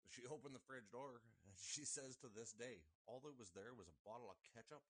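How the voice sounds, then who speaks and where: A man's voice: medium pitch, brisk, husky, no echo. Foul-mouthed laughing man, dry close mic. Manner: profane, laughing anecdotes. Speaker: podcast guest. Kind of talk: casual storytelling chat.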